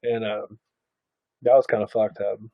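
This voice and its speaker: Man, podcast co-host, relaxed profane rambler, mid pitch; dry, dull sound. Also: unhurried, vocal fry, dry recording. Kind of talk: casual crude chat.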